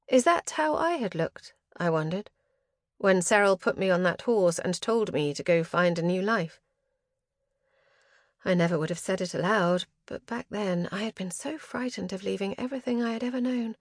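Lady reading a fantasy book in first person, kinda low voice, steady, very dry recording. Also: dry recording. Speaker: audiobook narrator.

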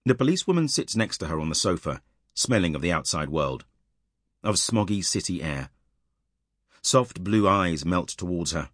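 A man narrating an audiobook in a measured, tense storytelling manner, recorded close in a dry studio. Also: low-pitched, lively intonation, fairly bright tone, no echo.

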